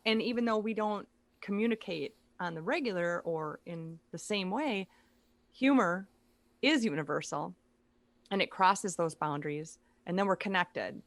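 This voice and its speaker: A woman guest, a speaker and author, chatting casually with playful, quick comic quips. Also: on the low side, no echo. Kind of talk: casual chat.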